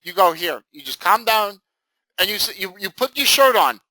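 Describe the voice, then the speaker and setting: An upbeat man runs a live trading lesson in a high, bright voice. He talks loosely and jokes, often acting out what his students might say. The sound is dry and close. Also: normal speed, no echo, low-quality recording. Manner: animated, jokey, acts out students' reactions. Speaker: trading instructor. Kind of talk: live screen-share training session.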